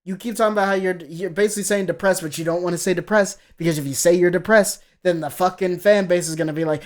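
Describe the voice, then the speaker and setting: A man's voice: fairly even intonation, quick pace, few pauses. A man doing live-stream reaction commentary in a heated, profane rant, mocking the voices he quotes. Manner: heated, profane ranting with sudden jumps in pitch. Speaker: streamer reacting to music videos.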